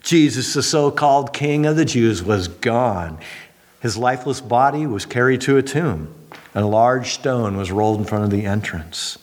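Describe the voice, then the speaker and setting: A man preaching a sermon dramatically, swinging from high, strong emphasis down to low, quiet lines. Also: lively intonation, normal speed. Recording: long reverb of a large hall.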